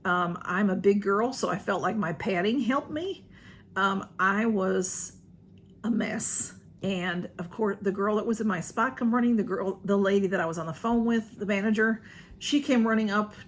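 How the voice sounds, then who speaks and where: A talkative older woman with a drawl tells a long story to her channel viewers, laughing often and circling back on herself. Her voice sits at a middle pitch. A faint hiss of background noise runs under the recording. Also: normal speed. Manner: rambling, laughs often, many restarts. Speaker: YouTube channel host. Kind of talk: casual chat to viewers.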